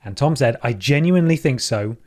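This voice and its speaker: A man hosting a casual comedy podcast, chatty and excitable with quick asides. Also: mid-range voice. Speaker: podcast host.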